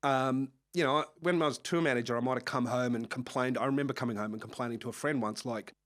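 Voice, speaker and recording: A man with an Australian accent, a music manager telling lively anecdotes in a casual interview. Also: medium pitch, fast talker. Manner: animated anecdotes with frequent laughs and acted-out quotes. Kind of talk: casual storytelling chat.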